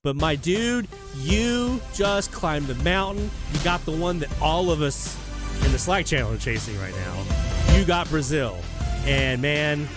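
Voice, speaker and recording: A man hosting a live radio hobby show, chatting casually and enthusiastically as he reads out listener shoutouts. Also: fairly high pitch, lively intonation, unhurried, over loud music. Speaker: host of a radio hobby livestream.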